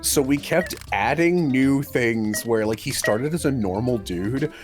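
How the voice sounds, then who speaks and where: A man chatting casually on a livestream, his stories animated and broken up by quick bursts of laughter. Faint music plays underneath his voice. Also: medium pitch. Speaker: livestream co-host. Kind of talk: casual stream chat.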